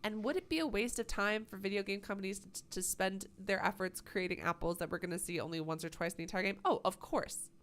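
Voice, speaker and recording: A woman's voice: mid-range voice, fast talker, hardly any pauses, fairly bright tone. A woman live-streaming a game, with playful, sarcastic commentary and plenty of swearing. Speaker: gaming streamer.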